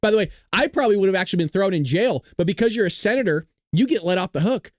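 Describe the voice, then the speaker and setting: Sarcastic guy hosting, high voice, laughs a lot, dry close mic. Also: animated, fast talker, no room sound. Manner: mocking, sarcastic, laughs often, swears. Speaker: show host reacting to clips. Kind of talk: casual reaction commentary.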